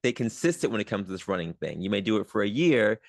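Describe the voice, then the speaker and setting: A man's voice: fairly low pitch, big pitch swings, quick pace, gravelly, no room sound, clean studio sound. A man hosting a podcast interview, affirming his guest and asking long, rambling questions. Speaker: podcast host and doctor. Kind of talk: casual interview.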